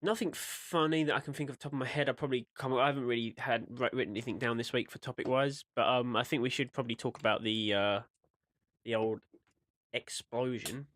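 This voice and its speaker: A man co-hosting a casual podcast, chatting in a quick, teasing way. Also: medium pitch, fairly even intonation, fairly bright tone, no room sound. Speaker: podcast co-host. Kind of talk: casual chat.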